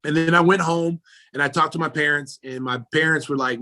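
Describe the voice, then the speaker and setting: Animated middle-aged man telling stories. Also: fairly quick. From United States. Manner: animated storyteller, acts out quoted people with jumps in pitch and loudness. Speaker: former pro basketball player and announcer, interview guest. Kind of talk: casual storytelling interview.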